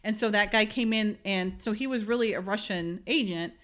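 A woman's voice: mid-range voice, normal speed, a bit bright. Woman co-host, mid-range voice, chatty recap storyteller. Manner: chatty storytelling, frequent laughs and filler words. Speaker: podcast co-host recapping a TV episode. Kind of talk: casual chat.

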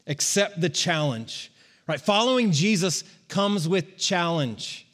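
A man's voice: high voice, expressive, slow pace, a bit bright, in a large hall. A man preaching a sermon to a congregation, speaking in a conversational, joking way. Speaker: pastor.

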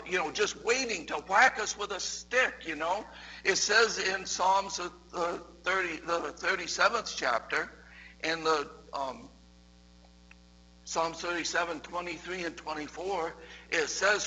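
A man giving a sermon, telling a story in a chatty way, often repeating himself and growing louder as he preaches. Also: a little hiss or hum, poor audio. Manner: conversational, repeats words, builds in loudness and pitch toward the end.

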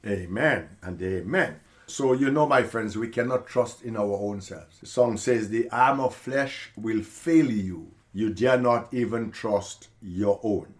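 A man preaching slowly and emphatically on a podcast, repeating key phrases for weight. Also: lowish voice. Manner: slow, emphatic preaching with repetition. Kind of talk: podcast sermon.

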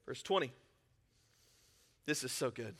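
A man preaching a lively sermon as pastor, acting out Bible scenes in playful voices. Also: mid-range voice, measured pace. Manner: energetic, acts out Bible scenes in character voices.

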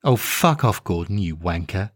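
A man's voice: low-pitched, expressive, normal speed, no room sound, clean studio sound, voice pushed down. A man reading the lines of a blunt, plain-spoken woman who swears freely, in an audiobook. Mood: scornful. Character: blunt, foul-mouthed, warm-hearted woman.

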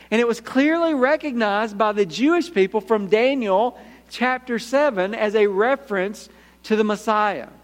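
A man preaching a sermon as pastor, emphatic, calling out for amens and dropping into hushed asides. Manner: emphatic, calls out for "Amen?", swings between punchy lines and hushed low asides. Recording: echoey hall reverb.

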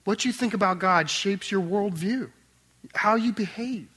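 A man preaching a sermon, swinging between loud emphatic passages and quiet tender asides. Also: sits high, a little slow, husky. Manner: acts out the master's voice in quotes. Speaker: pastor.

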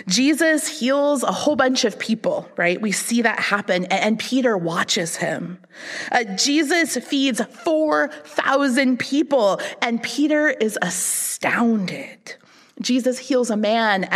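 A woman pastor delivers a sermon at an unhurried pace. She tells the story earnestly and often repeats a word as she restarts a phrase. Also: fairly high pitch, lively intonation.

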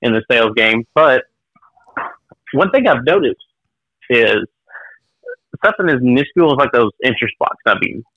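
A man's voice: medium pitch, animated, normal speed, long pauses, no room sound, highs cut off. A salesman in casual chat who stumbles and repeats his words as he talks to his trainer.

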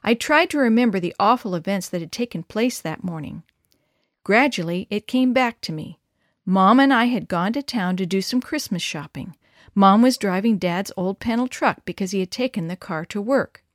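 A woman reads a story aloud to young listeners in an expressive way, her voice moving for each line. Her pitch sits in an ordinary middle range. The sound is dry and close, with no room echo. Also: moderate pace. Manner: expressive, shifts pitch for dialogue. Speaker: children's storyteller. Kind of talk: reading a story aloud to children.

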